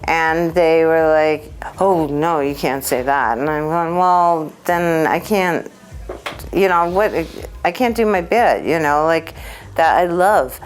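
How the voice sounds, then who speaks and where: Give me a woman comic from Canada recounting a gig, fairly low-pitched and lively. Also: slow, poor audio. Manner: animated, acts out dialogue. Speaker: stand-up comic. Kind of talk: interview anecdote.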